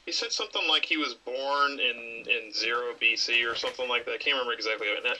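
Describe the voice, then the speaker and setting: A man's voice: mid-range voice, fast. A man chatting casually on a voice call, unsure and restarting as he tries to recall things. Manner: unsure, restarts, searching memory. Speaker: participant in a voice call. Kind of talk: casual chat. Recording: voice call with faint noise.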